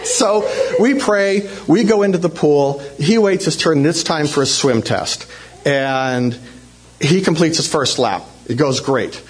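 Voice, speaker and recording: A man telling a lively personal story to a church congregation, acting out shouts in a raised voice. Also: a little high, unhurried. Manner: animated, acts out shouts in a raised voice. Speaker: church speaker telling a testimony.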